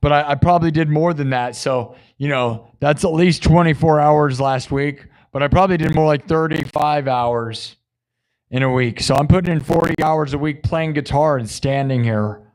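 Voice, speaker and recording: A man's voice: on the high side, normal speed, a little mellow. Just a guy chatting with his live chat between songs, laughs a bunch, acts out what people said. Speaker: live-stream musician host. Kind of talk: casual live-stream chat.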